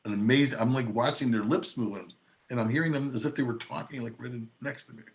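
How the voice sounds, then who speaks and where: An older man, an attorney and podcast guest, telling a personal story in a relaxed, anecdotal way, often laughing. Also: medium pitch, quick pace. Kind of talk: casual storytelling.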